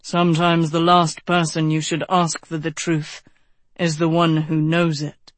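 An audiobook narrator voicing a calm, blunt, world-weary knight who talks dryly and frankly, a bit lower than the narration. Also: no room sound, lightly acted. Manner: dry, unhurried, frank.

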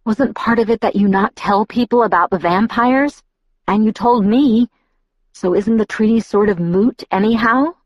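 A woman's voice: moderate pace, dry recording, dull audio, natural voice. A woman reading a novel aloud, voicing an anxious teenage girl who pleads in a tight, raised voice. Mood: pleading. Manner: higher, pressed and urgent in her lines.

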